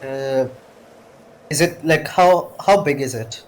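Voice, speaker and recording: A man playing a tabletop game, hesitant and halting with fillers. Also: mid-range voice, poor audio. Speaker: player. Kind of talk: casual game play.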